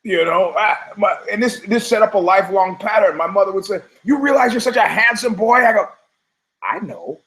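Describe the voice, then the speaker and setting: A man hosting a talk show, delivering a rambling, emphatic monologue, swearing, stumbling over words and slipping into quick mimicry of other people. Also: high voice, fairly bright tone. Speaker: podcast host. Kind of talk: opinionated monologue.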